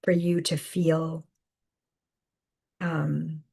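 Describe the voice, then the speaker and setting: Slow soft-spoken woman giving guidance. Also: low voice, flat delivery, creaky, husky. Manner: slow, soft-spoken, repeats phrases with many fillers. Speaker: intuitive guidance host. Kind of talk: live spiritual guidance session.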